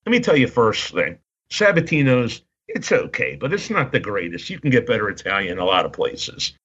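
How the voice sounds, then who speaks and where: Husky, rambling male storyteller. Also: mid-range voice, big pitch swings, brisk, a bit bright. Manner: rambling storyteller, many restarts and fillers. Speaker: podcast co-host. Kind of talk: casual chat. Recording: dull lo-fi audio.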